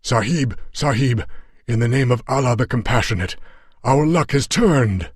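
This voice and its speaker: A man voicing a battered, pious Afghan warrior who croaks and talks in archaic oaths, in an audiobook reading. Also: medium pitch, expressive, normal speed, no room sound, clean studio sound, voice pushed up. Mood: excited. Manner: archaic, oath-laden speech. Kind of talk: audiobook character voice.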